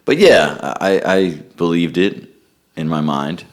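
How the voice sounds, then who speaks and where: A man being interviewed, talking in a relaxed, rambling way and often restarting with repeated words. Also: low voice, slow pace. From United States. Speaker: guest musician. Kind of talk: casual interview chat.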